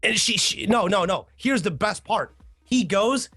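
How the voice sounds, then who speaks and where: Animated high-voiced man telling stories. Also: gravelly, breathy edge, soft background music. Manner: animated storyteller, swooping pitch, quick asides. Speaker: podcast host. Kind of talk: casual podcast chat.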